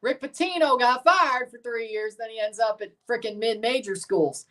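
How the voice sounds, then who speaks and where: A man's voice: very high voice, normal speed, bright, forceful tone, recorded from a distance. A man from the Mississippi Delta, commenting casually through a livestream watchalong of a match in a jokey, rambling way full of asides and self-corrections. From Mississippi Delta, USA. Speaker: streamer reacting to a football match.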